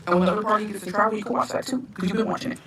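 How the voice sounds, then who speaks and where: A woman's voice: mid-range voice, steady tone, very fast, a bit bright. A woman livestreamer talking defiantly and with profanity, heard as a replayed clip. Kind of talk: livestream talk. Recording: livestream clip played from a distance with faint noise.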